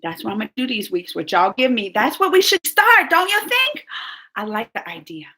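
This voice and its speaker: A woman's voice: fairly high pitch, big pitch swings, brisk, sharp tone, slightly rough. A woman hosting her own reaction channel, chatting casually with viewers during a live stream, gushing and laughing often. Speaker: YouTube reaction channel host.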